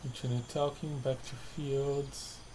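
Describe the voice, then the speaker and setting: A man's voice: medium pitch, flat delivery, slow, dark tone, a little hiss or hum. Man reading game dialogue aloud. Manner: reads dialogue choices aloud, stumbles and repeats lines, wry asides. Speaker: gamer playing through a narrative game. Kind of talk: casual let's-play commentary. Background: game music.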